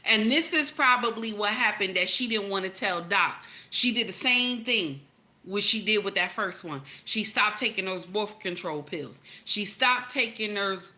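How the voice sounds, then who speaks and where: A woman's voice: medium pitch, bright, forceful tone. A woman, giving casual, preachy relationship commentary, emphatic and repetitive, calling out to her listeners. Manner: emphatic, repeats lines, calls out to listeners.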